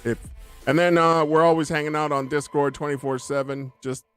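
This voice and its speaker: A man's voice: fairly high pitch, fairly even intonation, brisk, clean tone, soft background music. A man hosting a casual gaming news podcast, easygoing and rambling as he wraps up the show. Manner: easygoing, rambling sign-off with fillers. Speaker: podcast host. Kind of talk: casual podcast chat and sign-off.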